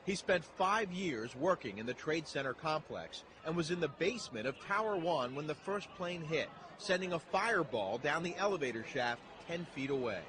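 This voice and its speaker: A man narrating a news report in a measured, factual way. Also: fairly high pitch, expressive. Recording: noisy outdoor news broadcast.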